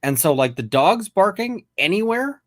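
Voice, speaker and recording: A man's voice: sits high, very animated, normal speed. A man hosting a casual chat, talking loosely and swearing at times. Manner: casual, swearing, tangent-prone. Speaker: host.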